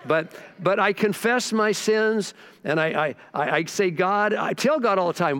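A man's voice: sits high, unhurried, a bit bright, smooth. A man preaching a sermon, telling stories with repeated restarts and rising into bursts of fervor. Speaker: pastor.

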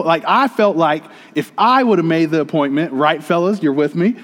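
A male pastor with a fairly high voice delivers a sermon as a casual, conversational story told straight to the congregation. His voice rings with the long reverb of a church hall. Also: expressive, normal speed, hardly any pauses.

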